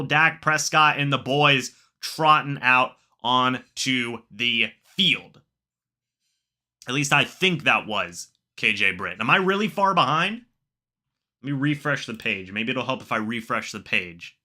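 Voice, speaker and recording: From home, a man hosts a live reaction stream, calling the plays himself as he watches the game on screen and chats with viewers. His mid-range voice moves slowly, bursting with excitement when plays happen, then dropping to quiet muttered asides.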